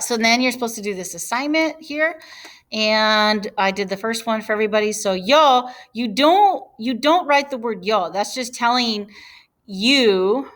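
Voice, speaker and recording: Slow, patient woman teaching grammar. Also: mid-range voice, a bit bright. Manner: patient, explanatory, with fillers and self-corrections. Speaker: Spanish teacher. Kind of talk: screen-share grammar lesson.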